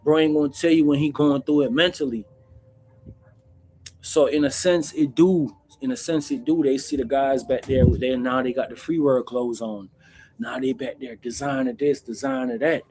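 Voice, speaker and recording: A man hosting a casual live Q&A, talking bluntly in street slang and calling the viewer bro, with loud bursts when he acts out stories. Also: mid-range voice, fairly even intonation, normal speed, slight background noise. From Jamaica. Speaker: host answering viewer questions.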